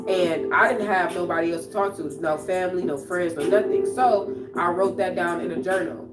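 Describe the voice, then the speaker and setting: A woman's voice: fairly low pitch, normal speed. Woman venting on a roomy livestream. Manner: raw, confrontational, repeats phrases. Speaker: poet and livestream host. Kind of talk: emotional livestream monologue. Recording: roomy echo, distant mic, music behind.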